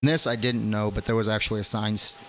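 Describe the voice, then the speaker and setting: A man's voice: on the low side, steady tone, fast talker, a bit bright. A man casually telling stories from his own life, blunt and profane, laughing at his own jokes. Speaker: storyteller. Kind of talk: casual storytelling.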